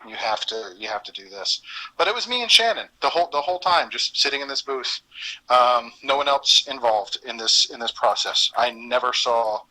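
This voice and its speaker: A man's voice: mid-range voice, low-quality recording. A man, a former voice actor, casually telling stories in an interview, laughing often and acting out quoted lines. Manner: animated, laughs often, acts out quoted dialogue.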